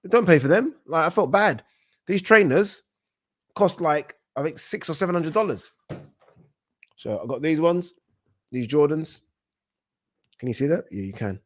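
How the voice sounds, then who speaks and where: A British man hosting a casual boxing livestream, chatting excitably, swearing casually and reading out viewer messages. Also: on the high side, unhurried, long pauses, no room sound.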